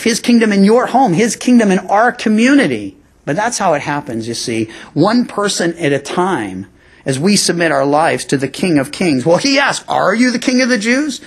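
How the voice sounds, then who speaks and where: Male pastor, conversational Bible teacher, bright and animated delivery. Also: high voice. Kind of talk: expository sermon.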